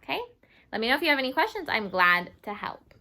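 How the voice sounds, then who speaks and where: High-pitched with big pitch swings and a sharp tone, a woman gives Spanish-speaking children a slow, patient English grammar lesson. She repeats each word and slips in Spanish glosses along the way.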